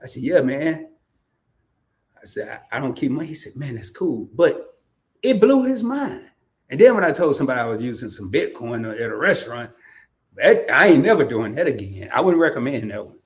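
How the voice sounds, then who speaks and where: A man's voice: mid-range voice, normal speed. A man from Arkansas, hosting a casual livestream and telling stories with laughs and lots of restarts. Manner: animated storytelling with laughs and repeated restarts. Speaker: host.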